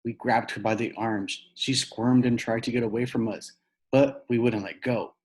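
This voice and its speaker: A man reading a children's book aloud, telling it in an animated way. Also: mid-range voice, moderate pace, husky. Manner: animated storytelling with a boyish narrator's voice. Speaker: reader.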